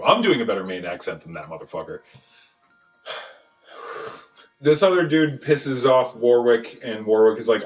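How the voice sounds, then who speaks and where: A man casually recapping a movie with a co-host, animated and acting out scenes in funny voices. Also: mid-range voice, brisk, roomy sound, faint music behind, poor audio. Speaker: podcast host.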